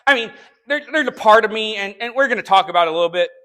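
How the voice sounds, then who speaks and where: A man preaching a sermon, telling a story in a conversational way and then building to sharp, shouted rebukes. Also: high-pitched, expressive, rapid-fire. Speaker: pastor. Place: church sanctuary.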